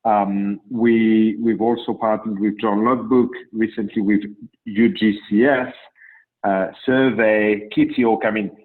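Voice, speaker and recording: French guy on a video call, lowish voice, thin phone-line sound, explains slowly with pauses. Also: steady tone. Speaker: drone company panelist. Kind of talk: video call panel answer.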